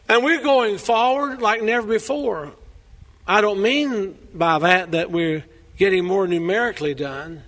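A man preaching a sermon as pastor, swinging between loud declarations and hushed asides. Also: high-pitched. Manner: preaching with sweeping rises and drops in loudness. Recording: long reverb of a large hall.

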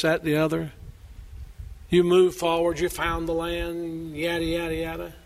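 Bright high-voiced male pastor preaching, big swings soft to loud, long hall echo. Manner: preaching with sweeping rises and drops in loudness. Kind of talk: sermon. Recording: long reverb of a large hall.

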